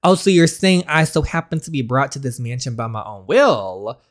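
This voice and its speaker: A man's voice: medium pitch, sing-song, normal speed, natural voice. A man voicing a frightened young woman held captive in a story game, pleading and defiant by turns.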